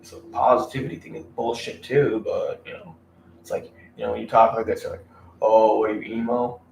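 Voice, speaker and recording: A man's voice: lowish voice, level tone, fairly quick, gravelly. A man giving blunt dating advice in a casual, rambling, profane rant to camera. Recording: roomy room, mic at a distance, faint background noise.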